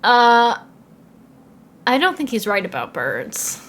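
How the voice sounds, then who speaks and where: A woman's voice: fairly high pitch, huge pitch swings, takes it slowly, fairly bright tone, slight background noise, heavily acted. A woman reading the narration of a courteous, earnest young male reporter in her own voice. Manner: mild, courteous, slightly unsure. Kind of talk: first-person game narration read aloud.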